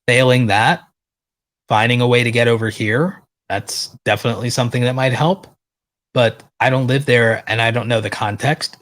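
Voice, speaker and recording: Male livestream host, mid-pitched, tiring voice, answers chat questions plainly. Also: fairly bright tone. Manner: reads viewer questions aloud and answers directly. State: losing his voice. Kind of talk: casual livestream Q&A.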